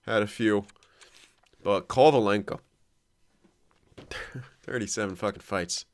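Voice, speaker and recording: Young guy narrating his hockey franchise run, smooth clear voice, gets hyped and swears a lot. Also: lowish voice, takes it slowly. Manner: excitable, swears often, thinks aloud. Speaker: gaming commentator. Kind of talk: casual gameplay commentary.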